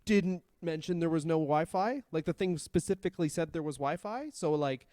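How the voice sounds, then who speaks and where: A man's voice: on the high side, normal speed, darkish tone, no echo, studio quality. A man from Canada co-hosting a podcast, telling rambling comic stories with lots of swearing. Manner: profane, rambling storyteller. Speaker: podcast co-host. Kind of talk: casual comedic chat.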